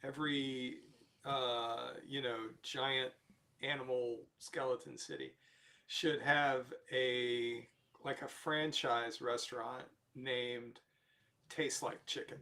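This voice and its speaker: A man, a writer, joins a casual chat. He talks slowly and haltingly, sounding amused. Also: mid-range voice, pushed and bright.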